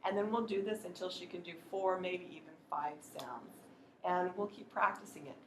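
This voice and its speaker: A woman training teachers in a workshop, explaining in a practical, chatty way and slowly sounding out words to demonstrate. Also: lowish voice, roomy sound, a little hiss or hum. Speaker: literacy educator training teachers.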